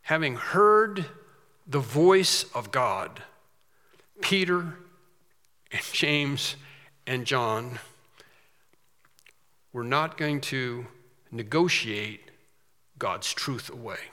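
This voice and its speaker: A man preaching a sermon, slow and emphatic with quicker asides. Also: medium pitch, animated, pushed and bright, big-room sound.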